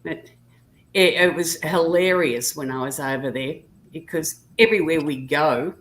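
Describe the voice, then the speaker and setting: An Australian woman, a guest on a live chat stream, chats casually and tells easygoing, anecdotal stories. Her voice sits low and she speaks a little slowly, and the recording quality is low.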